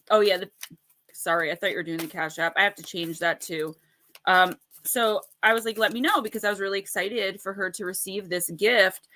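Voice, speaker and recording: A woman's voice: mid-range voice, pushed and bright. A woman hosting a casual livestream of oracle card readings, chatty and rambling, laughing often and greeting viewers by name.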